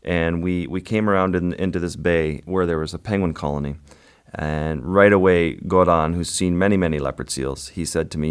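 Deep-voiced man telling a vivid story. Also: fairly even intonation, moderate pace, clean tone. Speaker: wildlife photographer guest. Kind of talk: interview storytelling.

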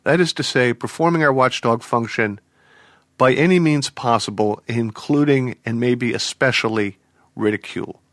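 A man's voice: medium pitch, normal speed, dry recording. Articulate male radio host, dry studio. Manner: playful, articulate interviewer. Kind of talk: radio interview and show credits. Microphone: studio microphone. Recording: dry studio sound with faint music.

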